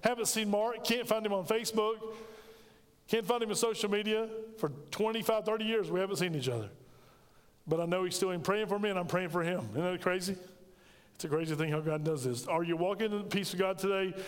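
A man's voice: high-pitched, brisk, big-room sound. A middle-aged man preaching a sermon, telling a personal story and acting out the dialogue. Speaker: pastor.

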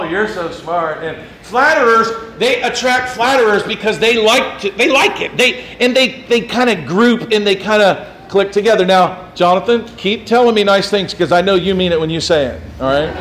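A middle-aged pastor delivers a sermon in a notably high male voice, reading scripture aloud in old wording. He drops into soft, fawning asides when he imitates flatterers. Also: low-quality recording. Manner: reads scripture in King James wording.

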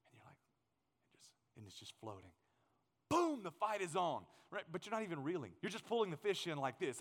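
A man preaching a sermon, telling a funny story in an animated way and acting out the scenes. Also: sits high, fairly quick. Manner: animated, humorous, acts out scenes. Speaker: pastor. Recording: long hall reverb.

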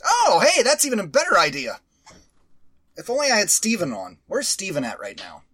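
A man hosting a podcast in casual chat, rambling, animated and profane. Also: sits high, moderate pace, slightly rough, no room sound, clean studio sound. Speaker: podcast host.

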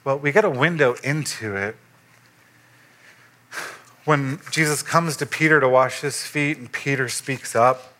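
A man, a pastor, preaching a sermon in a conversational way and rising in pitch when he stresses a point. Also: unhurried, long pauses. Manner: conversational preaching, animated rises for emphasis.

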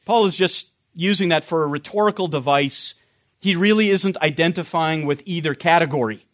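A man's voice: on the high side, normal speed, fairly bright tone. A man teaching a Bible study lecture, explaining a text earnestly with frequent restarts.

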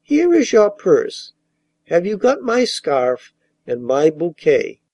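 A man's voice: fairly high pitch, huge pitch swings, slow pace, dark tone, dry recording, exaggerated voice. A man voicing a cunning young princess who talks in a sweet, wheedling, tender way, read from a storybook. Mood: coaxing.

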